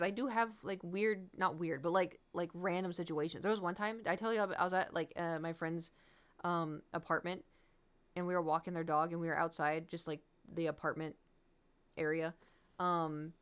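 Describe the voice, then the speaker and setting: Young female streamer, smooth and clear voice, casual stream chat at home, animated and self-conscious, acts out each quote. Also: mid-range voice.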